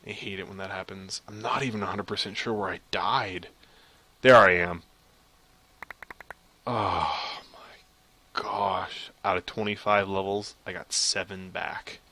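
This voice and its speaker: A man giving casual, chatty commentary over his own gameplay, excitable and quick to laugh at himself. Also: low voice. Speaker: gaming video creator.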